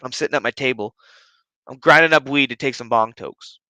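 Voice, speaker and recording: A man hosts a casual podcast from his living room, recorded on a streaming setup, telling a rambling story packed with profanity and fillers. His mid-range voice moves a little fast with a sharp tone. The recording is low quality, with no room sound.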